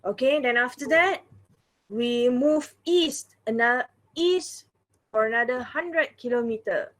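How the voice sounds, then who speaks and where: Woman math teacher, patient and repetitive, slightly high voice, online class. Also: measured pace, fairly bright tone. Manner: patient, repeats "all right" and "okay" often.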